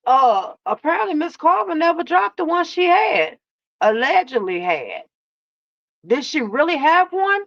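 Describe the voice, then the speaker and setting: A woman hosts a casual live reaction stream in a drawling, sassy way, calling her viewers baby and love. Her voice sits a little high. The sound is dry and close, with a dull, lo-fi edge. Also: big pitch swings, a little slow, fairly bright tone, dry recording. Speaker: reaction channel host.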